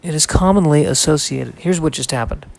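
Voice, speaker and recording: A man's voice: a little high, a little fast, vocal fry. A man hosting a solo podcast, reading aloud and drifting into wry, rambling asides in a casual way. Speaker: podcast host.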